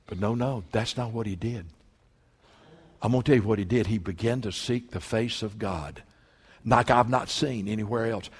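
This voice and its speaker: A man preaching a sermon as pastor, reading scripture aloud with fervent emphasis that swells to near-shouting. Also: mid-range voice, expressive, moderate pace, slightly rough. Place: church sanctuary. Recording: long hall reverb.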